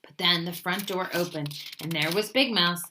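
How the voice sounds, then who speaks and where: A woman librarian reading a children's story aloud in an expressive storytelling manner. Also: on the low side, normal speed, slight background noise.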